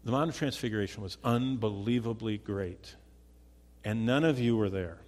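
A man preaching a sermon, swinging between loud emphatic peaks and quiet low asides. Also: normal speed. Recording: long hall reverb.

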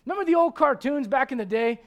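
A man in his forties preaching a sermon in a church, animated and joking with the congregation between Bible readings. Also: extremely high pitch, quick pace. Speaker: pastor.

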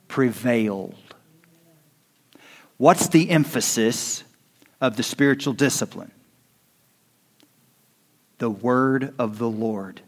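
A man preaching a sermon as pastor. He swings from quiet, hushed lines to loud, rising exhortation. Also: mid-range voice.

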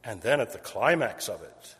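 A man preaching an expository sermon. He builds phrases in rhythmic repeated series and swings from loud emphasis to a hushed near-whisper. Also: on the low side, sing-song, moderate pace, slightly rough. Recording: long hall reverb.

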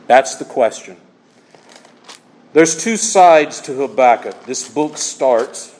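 Male pastor, sermon storyteller, fairly high voice, swings soft to emphatic; long reverb. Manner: storytelling, dropping soft then rising emphatic.

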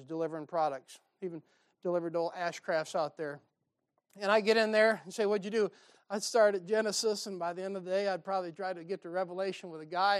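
Folksy preacher with a dry close sound. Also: male voice, high voice, clear, resonant tone, no echo. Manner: folksy storytelling with call-and-response asides. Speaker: pastor. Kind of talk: sermon. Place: church.

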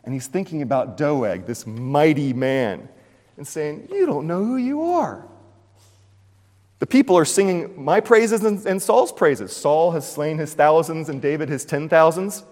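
A man preaching a sermon, retelling a scripture story with animated storytelling, acting out the scenes and cracking puns. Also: on the high side, measured pace. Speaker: pastor. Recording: long hall reverb.

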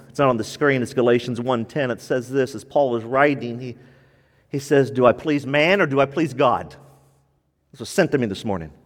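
A man's voice: medium pitch, in a large hall. A man preaching a sermon to his church, moving from teaching into impassioned, pleading prayer. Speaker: pastor.

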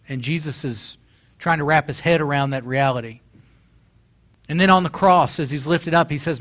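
A man's voice: mid-range voice, normal speed, fairly bright tone. A man in his forties preaching a sermon as pastor, telling stories and building to emphatic exhortation. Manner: storytelling, rising to emphatic exhortation.

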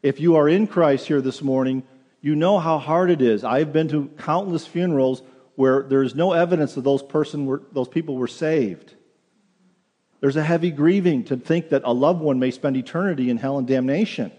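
In a church sanctuary with long hall reverb, a male pastor with a slightly high, warm voice preaches at a normal speed. He is earnest, often repeating words as he restarts a phrase.

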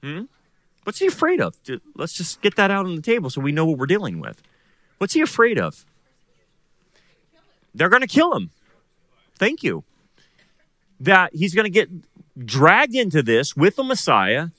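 A middle-aged male pastor preaching with a lively, swooping delivery and a rather high voice. His tone is bright and forceful, and he keeps throwing rhetorical questions at the congregation. The sound is dry and close. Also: moderate pace, pauses often, no echo. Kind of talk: sermon.

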